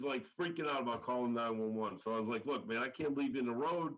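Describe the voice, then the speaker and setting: A man's voice: medium pitch, fast, few pauses, fairly bright tone, rough recording. A middle-aged man, a football coach, telling a story in a casual podcast interview and acting out the quoted lines. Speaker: guest, college football line coach.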